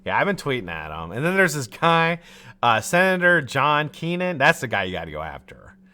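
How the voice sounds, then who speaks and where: A man's voice: medium pitch, sing-song, normal speed, pushed and bright, clean tone. A man hosting a live stream, ranting in frustration, swearing freely and restarting his sentences. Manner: frustrated, profane, rambling with restarts; laughs at his own jokes. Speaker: livestream host. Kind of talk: heated live-stream rant.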